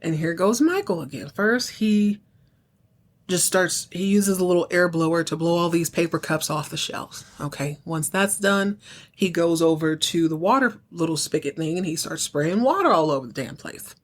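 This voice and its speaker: Recapping a TV episode on her podcast, this woman tells the story with animation and performs the characters' lines in a casual way. Her voice is fairly low-pitched, at normal speed.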